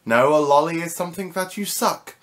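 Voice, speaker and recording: A man's voice: on the high side, a little fast. A young British man with a cheeky, mock-indignant manner, hosting a comedic vlog lesson. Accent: British English. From United Kingdom. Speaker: vlogger.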